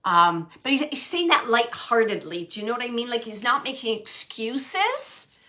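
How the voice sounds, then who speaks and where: A woman giving a live mediumship reading, halting and searching, with many fillers as she relays messages. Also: fairly high pitch, sing-song, sharp tone. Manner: relays spirit messages to the sitters.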